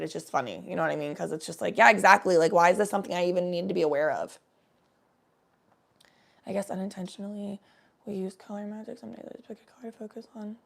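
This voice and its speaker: A young woman with a gravelly, fry-touched voice at a middle pitch chats loosely with her viewers. Her talk rambles and she swears freely. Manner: rambling, swearing, laid-back chat with viewers. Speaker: livestream host. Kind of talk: casual chat.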